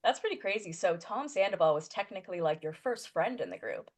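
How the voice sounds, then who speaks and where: A woman's voice: lowish voice, animated. Curious woman hosting a podcast. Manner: friendly, curious, quick interjections. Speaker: podcast host. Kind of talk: casual interview chat.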